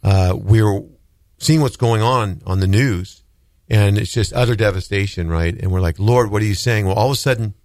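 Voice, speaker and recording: A male radio host with a somewhat low voice tells a story in an easy, conversational way. He is recorded close and dry, with no room echo. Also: moderate pace. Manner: warmly encouraging, brief affirmations. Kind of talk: casual radio interview.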